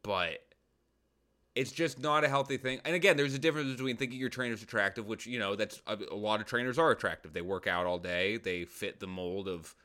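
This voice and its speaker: A man answering listener questions on a comedy podcast, giving absurd advice in a deadpan way with mumbled asides. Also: a little fast. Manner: absurd deadpan advice, muttered asides, sudden falsetto jokes. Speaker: personal trainer.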